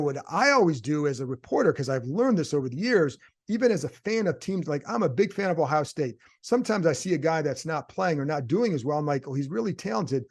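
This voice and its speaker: A man, a sports reporter hosting his own show, talking through his views in casual solo commentary and answering his own rhetorical questions. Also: fairly high pitch. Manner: conversational, thinks aloud with rhetorical questions. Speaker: sports reporter and podcast host.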